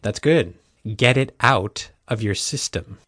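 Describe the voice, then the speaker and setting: A male audiobook narrator voicing a smug, calm young man who speaks in a smooth, easy, unbothered tone. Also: medium pitch, slow pace, dry recording, studio quality.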